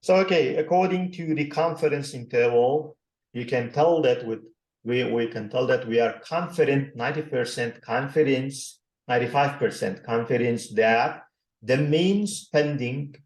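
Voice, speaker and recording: Male lecturer with a Turkish accent, very slow delivery, echoey classroom. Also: medium pitch. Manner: slow, repetitive, reading out numbers. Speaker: university lecturer.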